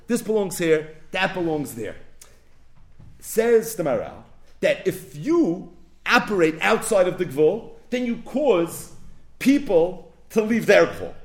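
A man teaching as a rabbi in a Torah lecture, animated, asking rhetorical questions and answering them, reciting verses slowly. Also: a little high. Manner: quotes verses in a slow recitation. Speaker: rabbi teaching a text class.

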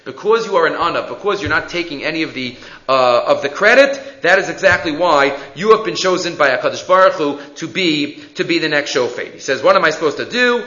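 A man teaching a lesson, telling a Bible story in an animated way and acting out the lines of its people. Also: fairly high pitch, a little fast. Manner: animated storyteller, acts out quotes, with fillers. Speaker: religious teacher. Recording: echoey room, dull lo-fi sound.

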